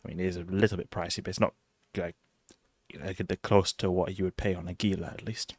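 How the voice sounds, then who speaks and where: A man's voice: deep voice, little pitch movement, brisk, husky, no echo, studio quality. A man giving chatty, enthusiastic gameplay commentary and talking straight to his viewers. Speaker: gaming video host.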